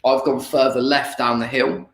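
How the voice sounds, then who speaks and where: A man in casual chat, relaxed, adding his side of an airsoft story. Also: medium pitch, normal speed, echoey room. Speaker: airsoft player, co-guest.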